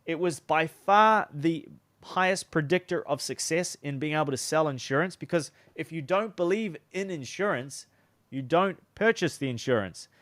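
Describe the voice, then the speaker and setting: Man, sales coach, casual teaching, chatty with restarts, slightly high-pitched. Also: lively intonation, moderate pace, a bit bright, no echo. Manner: loose and chatty, many fillers and restarts.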